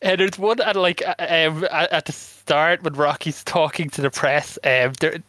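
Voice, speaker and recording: A man co-hosting a film review podcast, talking in halting bursts with many false starts. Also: on the high side, steady tone, bright, forceful tone, no room sound. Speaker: podcast co-host. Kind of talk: casual film review chat.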